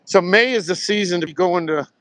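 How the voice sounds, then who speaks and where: A retired Marine pilot in his sixties from Southern New Jersey live streams while walking on a beach, phone in hand, rambling through stories and swearing casually. His voice is high, fairly quick and a bit bright, with a little hiss or hum in the low-quality recording.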